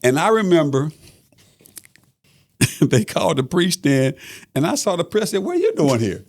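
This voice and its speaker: A man's voice: a little high, sing-song, normal speed, a little mellow. A middle-aged man recounting a family story on a podcast in an earnest way, repeating phrases and using many fillers. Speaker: father of the guest.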